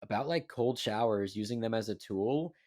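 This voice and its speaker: A man's voice: lowish voice, moderate pace, a little mellow. A young man co-hosting a podcast in casual chat, rambling with many fillers. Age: young adult. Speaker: podcast co-host.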